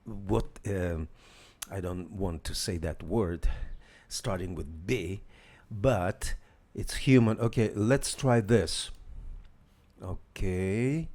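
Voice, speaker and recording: A man's voice: sits low, slow pace, pauses often, darkish tone. Hesitant man demoing a gadget. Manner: hesitant, many fillers and restarts, talks to viewers. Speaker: tech demo host. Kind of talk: casual live demo.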